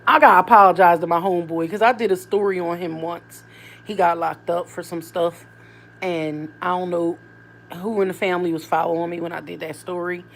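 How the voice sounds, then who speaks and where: A woman with a lowish voice, a vlogger and mother, chats casually with her viewers, drifting from thought to thought with animated asides. There's a little hiss or hum in the audio.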